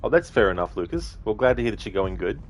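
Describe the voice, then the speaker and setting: A man live-streaming a video game, chatting casually with viewers, relaxed and chuckling as he greets them. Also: on the low side, quick pace, faint music behind.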